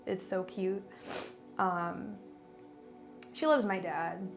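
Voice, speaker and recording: A bubbly woman chatting on a tarot livestream, gushing and giggling as she goes. Her voice sits in a middling range and keeps getting interrupted by her own fillers. Faint music plays quietly behind her. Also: mid-range voice, very slow, creaky. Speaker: tarot reader and psychic. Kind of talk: casual livestream chat.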